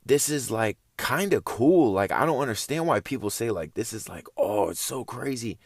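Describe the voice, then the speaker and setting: A man's voice: medium pitch, expressive, normal speed, slightly rough, no room sound, clean studio sound. Laid-back young man telling a story. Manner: laid-back slangy, loose and rambling. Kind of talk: casual storytelling to camera.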